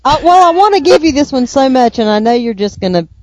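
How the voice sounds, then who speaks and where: A woman co-hosting a casual chat, playful and teasing, quick to laugh. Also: high-pitched, very animated, dry recording. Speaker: co-host. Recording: dull lo-fi sound.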